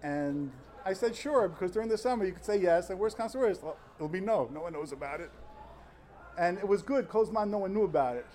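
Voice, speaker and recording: A young man in his twenties, a yeshiva student, tells a personal story in an animated, earnest way before giving an informal Talmud lecture. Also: high voice, brisk. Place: study hall before fellow students.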